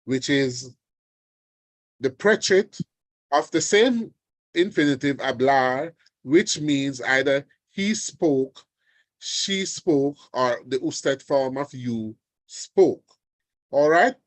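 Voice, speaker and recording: A man teaching an online exam revision lesson, deliberate and often checking in with his students. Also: medium pitch, lively intonation, no room sound. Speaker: language teacher. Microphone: video call.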